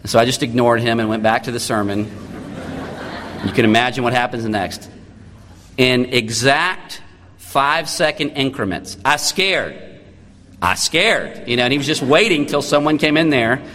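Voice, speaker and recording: A male pastor in his thirties preaching, his mid-range voice carried by a long hall reverb. He swings from loud emphatic lines to hushed, intimate ones. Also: mid-range voice, moderate pace, slight background noise. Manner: animated, shifting between loud emphasis and quiet intimate tones. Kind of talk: sermon.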